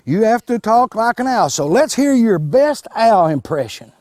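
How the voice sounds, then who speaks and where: A man, a wildlife educator giving a live demonstration to children, folksy and animated, restarting words with plenty of fillers. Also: sits high, moderate pace, no room sound, clean studio sound. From Kentucky.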